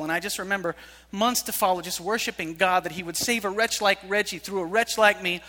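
A man preaching a sermon to young people, telling stories in an animated way that swings from hushed to shouting. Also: high voice. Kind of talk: sermon to youth. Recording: live hall reverb.

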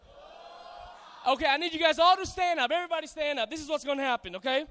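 Hawaii guy w pidgin-southern accent, real high voice, hyping church crowd, big reverby hall. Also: rapid-fire, a little hiss or hum. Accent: Hawaiian Pidgin mixed with Southern US. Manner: loud, playful, hyping up the crowd. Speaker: guest speaker at church youth service. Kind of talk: energetic talk with audience call-and-response. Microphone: stage microphone on a cable. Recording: long reverb from a large hall.

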